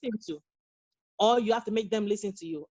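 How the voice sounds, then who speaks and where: A woman's voice: mid-range voice, quick pace, a little mellow, no room sound, dull audio. A woman in her thirties, a guest on a podcast, talking earnestly and telling stories in a casual interview. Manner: earnest, storytelling, acts out quoted dialogue. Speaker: guest, nurse and mother.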